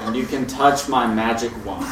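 A man's voice: medium pitch, moderate pace, close to an everyday voice. A man playing a clueless husband in a live comedy sketch, hesitant and full of filler words. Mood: sheepish. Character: clueless, pushy young husband. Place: comic book shop, live audience. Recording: echoey room from far off, noisy.

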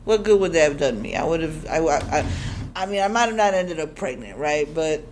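A young woman from Chicago telling a personal story on stage, animated and profane, acting out the voices she quotes. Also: sits low, a little fast, a little hiss or hum. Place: stage before a live audience.

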